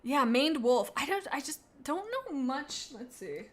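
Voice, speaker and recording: A woman's voice: high voice, very animated, unhurried. Chatty young woman streamer. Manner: rambling, chatty, reading chat aloud. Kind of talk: casual live-stream chat.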